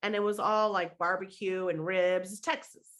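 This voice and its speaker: A middle-aged woman guest on a podcast tells a story with plenty of life and often jumps into other people's voices. Her voice sits at an ordinary pitch for a woman. She talks as a mindset and manifestation coach. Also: moderate pace. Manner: animated storyteller who acts out other people's lines.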